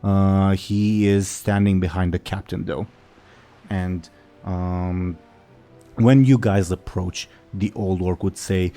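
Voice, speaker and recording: A man's voice: deep voice, level tone, slow pace, warm tone, soft background music. A man narrating as game master of a tabletop role-playing game, explaining rules and describing scenes. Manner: explains rules and voices orcs in quoted lines.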